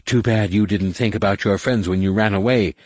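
A man voicing a bitter, drunk, booming alien woman captain who taunts in a slurred, loud way. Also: steady tone, fairly quick, no room sound, clean studio sound, lightly acted. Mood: bitter, taunting.

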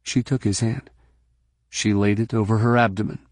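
A man reading a novel aloud as narrator, in a measured, even storytelling manner into a close mic. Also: on the low side, no room sound. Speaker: audiobook narrator. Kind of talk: scripted narration.

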